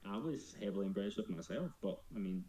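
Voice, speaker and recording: A man's voice: on the low side, animated, quick pace, mellow, reverberant. A man chatting casually on a live stream, joking and teasing himself. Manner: playful, joking, self-mocking.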